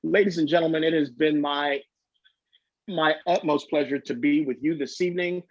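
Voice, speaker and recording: Male show host, fairly high voice, upbeat audience patter, dry dull stream sound. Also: moderate pace, no room sound. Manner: upbeat, addresses the audience directly. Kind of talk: live show hosting.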